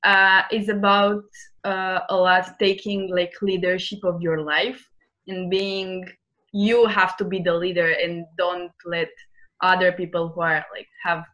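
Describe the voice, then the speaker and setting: Bright-voiced woman hosting a podcast. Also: on the low side, flat delivery, unhurried, muffled recording. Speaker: podcast host. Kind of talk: casual interview talk.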